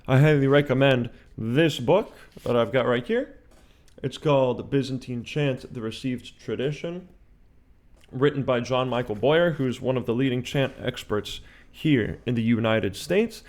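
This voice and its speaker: Male chant teacher, patient explainer, medium pitch, casual video-lesson delivery. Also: moderate pace, a little mellow. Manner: explaining patiently, often checking with "all right?".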